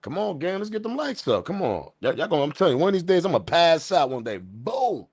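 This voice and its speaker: This livestream news host, a man, delivers ranting live commentary in a high-leaning, sing-song voice that's quick, creaky and a bit rough. He's loud, heated and profane, speaking directly to his chat. The studio-quality audio has no echo.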